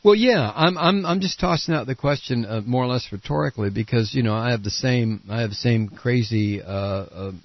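On a dull, lo-fi radio broadcast, a man runs a political talk show, speaking bluntly and combatively, rambling with restarts and coughing with congestion at a studio microphone. His medium-pitched voice is brisk with hardly any pauses, and there's no echo.

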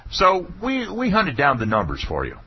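A man's voice: on the high side, wildly swooping pitch, moderate pace, husky. A man hosting a political talk radio show, delivering a folksy, sarcastic monologue. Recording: dull lo-fi radio broadcast.

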